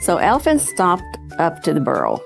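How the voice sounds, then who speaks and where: A woman, a historical society president, reading a children's picture book aloud in a gentle storytelling manner. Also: fairly low pitch, wildly swooping pitch, moderate pace, gravelly, soft background music.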